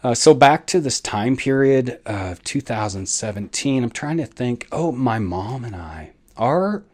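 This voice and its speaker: A man's voice: medium pitch, animated, unhurried. A man hosting a podcast and telling a personal story in a rambling way, full of fillers and self-corrections. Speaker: podcast host.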